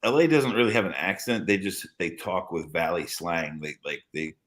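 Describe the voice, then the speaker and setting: A man from the northeastern US with a deep, low voice chats in a laid-back way. He laughs easily and drops "dude" into his sentences. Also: normal speed, a bit bright. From northeastern US, between Boston and New York. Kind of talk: casual chat.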